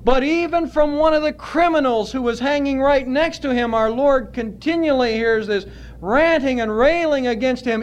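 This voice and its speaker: A man preaching a sermon as pastor, earnest and emphatic, stretching out his words with pauses. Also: very high-pitched, clean tone.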